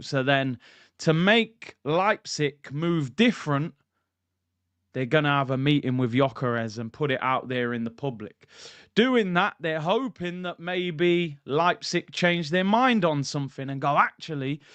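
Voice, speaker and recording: A man hosting a casual live-stream of football commentary, animated and excitable, ranting at his chat. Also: fairly high pitch, no echo. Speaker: football YouTuber, stream host.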